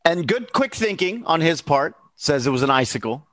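A man co-hosting a casual chat, talking hesitantly with many fillers and quick reactions. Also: fairly high pitch, very animated, fairly bright tone, no echo. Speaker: podcast co-host.

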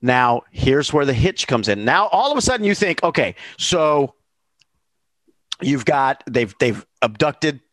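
A man co-hosting a casual movie podcast, retelling the plot in a relaxed way with casual swearing. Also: medium pitch, unhurried, no echo. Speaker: podcast co-host.

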